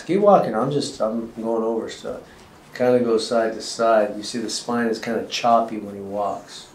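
A man with a lowish voice explains x-ray findings to his patient in a relaxed, joking way. He sounds like a chiropractor at work in an exam room. The room is echoey, with faint noise behind him. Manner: casual, joking, talks as he shows.

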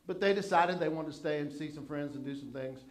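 Folksy older preacher, slightly high voice. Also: male voice, fairly quick. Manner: folksy, conversational storytelling. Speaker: pastor. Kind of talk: sermon storytelling.

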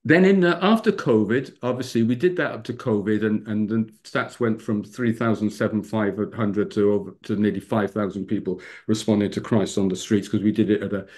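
A man in his fifties preaching a sermon over a video call, telling personal stories with lively pitch rises for emphasis. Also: fairly quick, few pauses. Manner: animated storyteller, rising pitch for emphasis.

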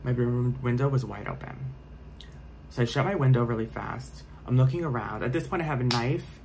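A man's voice: medium pitch, fairly quick, creaky, background noise. Rambling young man telling a story. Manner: rambling, full of "like" fillers and restarts. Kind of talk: casual storytime vlog.

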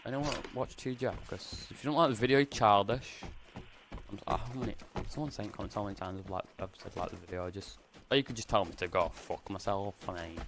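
A man's voice: fairly low pitch, fast, background noise. A man doing casual, rambling gameplay commentary, jokey and full of swearing. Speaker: gaming YouTuber. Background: game music.

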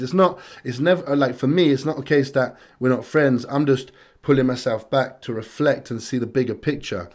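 A man's voice: medium pitch, brisk, darkish tone. Earnest British man reacting to music. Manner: earnest, reflective, repeats phrases for emphasis. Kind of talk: casual reaction commentary.

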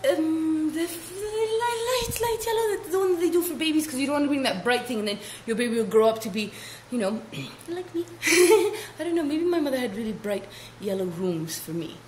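A woman's voice: high-pitched, expressive, fairly quick, a little mellow. A young woman rambling through a comedic vlog, playful and silly, with giggly asides. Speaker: vlogger. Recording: echoey room with faint hiss.

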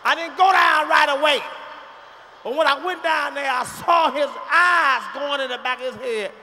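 Man playing a high, gossipy auntie, shrill and breathless, live hall sound. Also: normal speed, vocal fry, a bit bright, exaggerated voice. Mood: frantic. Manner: repetitive, breathless storytelling. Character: gossipy middle-aged woman relative retelling a death. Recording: live stage show in a large hall.

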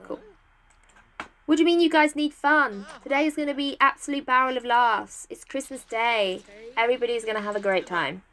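An English woman chatting excitedly as she plays a life-sim game, cheering on and coaxing her characters. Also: on the high side, fairly quick. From England. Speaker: gaming YouTuber. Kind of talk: casual let's-play commentary. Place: home, top-floor flat.

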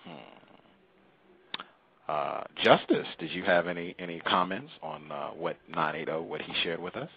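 A man hosting a call-in radio show, speaking deliberately and lecturing on the meaning of terms. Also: low-pitched, sing-song, vocal fry, breathy edge, muffled recording.

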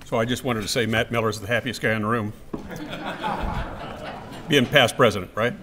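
A man's voice: medium pitch, unhurried, background noise. Man reading a speaker introduction. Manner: jokes lightly, then reads a prepared bio. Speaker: committee chairman introducing the speaker. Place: meeting room.

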